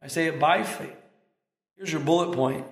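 A middle-aged man preaching a sermon, emphatic, leaning hard on stressed words between measured pauses. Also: on the high side, echoey room. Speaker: pastor.

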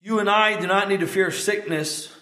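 High-voiced middle-aged preacher, echoey church. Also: male voice, bright, forceful tone. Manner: emphatic preaching with rising stressed words and measured pauses. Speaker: pastor. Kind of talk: sermon.

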